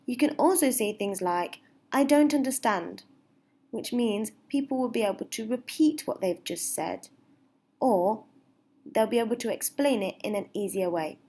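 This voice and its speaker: A woman's voice: medium pitch, expressive, normal speed, dark tone, husky. A woman teaching basic phrases, speaking patiently and repeating each example phrase with a lifted, sing-song stress. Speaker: English teacher. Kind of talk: slow, clear English lesson.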